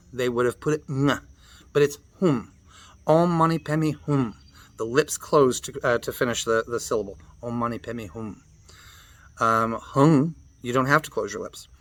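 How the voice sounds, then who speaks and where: A man teaching mantra practice, patiently explaining and spelling out pronunciations, chanting the syllables slowly, with loose fillers and restarts. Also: mid-range voice, pushed and bright, no room sound. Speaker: meditation teacher.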